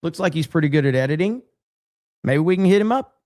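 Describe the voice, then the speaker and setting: Speaking quickly in a voice on the high side, this man hosts a podcast and reacts to a video clip. He's chatty and animated, laughing and cutting in, and the studio sound is clean with no echo.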